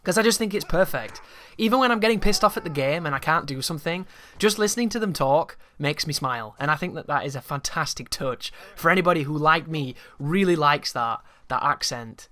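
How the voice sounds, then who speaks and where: A man's voice: fairly high pitch, animated, a little fast, hardly any pauses, pushed and bright. A man giving casual, rambling, opinionated commentary over a video game, swearing freely as he talks. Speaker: gameplay commentator.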